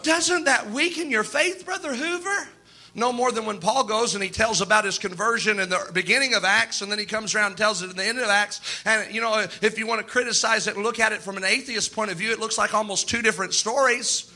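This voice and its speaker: High, bright-voiced male preacher. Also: fairly even intonation, fast, hardly any pauses. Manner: emphatic, acts out quotes. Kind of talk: sermon.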